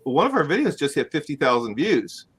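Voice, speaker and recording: A man's voice: on the high side, big pitch swings, fairly bright tone, breathy edge. A man who co-hosts a cruise channel, speaking as a guest in casual chat and stopping and restarting his sentences often. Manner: halting, full of restarts.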